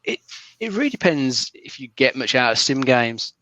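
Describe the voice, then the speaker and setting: A man in a casual gaming chat, explaining at length in a relaxed way with frequent restarts. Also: mid-range voice, moderate pace, dry recording. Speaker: regular panelist.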